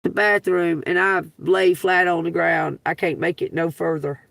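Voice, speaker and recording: A woman's voice: on the low side, normal speed, gravelly, no echo. A middle-aged woman with a Georgia accent, telling a rambling, profane story on a live stream. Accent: Southern US (Georgia). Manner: profane, animated, laughs through the story. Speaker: live-stream tarot reader. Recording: dry sound, distant from the mic.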